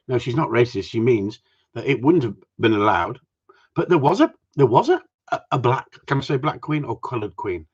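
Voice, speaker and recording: A man's voice: medium pitch, sing-song, normal speed, breathy edge. A man hosting a live stream, chatting in a cheeky, sweary, rambling way that jumps between topics. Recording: dull lo-fi stream audio.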